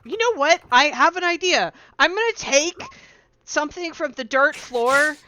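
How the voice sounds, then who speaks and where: A woman's voice: sits high, animated, moderate pace, bright, forceful tone, a little hiss or hum. A woman playing in a tabletop game, exasperated and swearing, with frequent laughter. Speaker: player. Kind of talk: casual tabletop play. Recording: dull, dry lo-fi mic.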